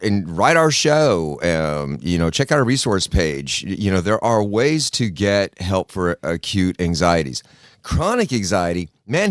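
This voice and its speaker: In a dry, studio-quality recording, a male podcast host with a lowish voice talks casually on his own. He narrates a story in a homespun, folksy way, performs the quoted lines, and often restarts his phrasing.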